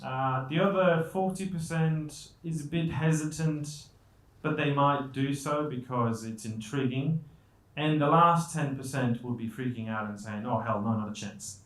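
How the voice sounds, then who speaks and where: A man's voice: on the high side, measured pace. A man giving a reflective, conversational talk to an audience at an event. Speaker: event speaker. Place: event venue. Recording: echoey room.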